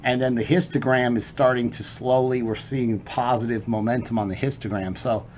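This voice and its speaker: In a crypto trading video, a man walks through price charts in a chatty, upbeat, casual way, sprinkling in "right?" and "you know." His voice is medium-pitched, steady, a little mellow, at normal speed, with slight hiss or hum.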